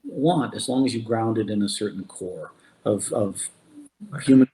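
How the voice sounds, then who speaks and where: A man's voice: fairly low pitch, animated, measured pace, warm tone. A man, a voice actor, talking casually in an interview, often repeating words as he searches for his thoughts. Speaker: voice actor guest.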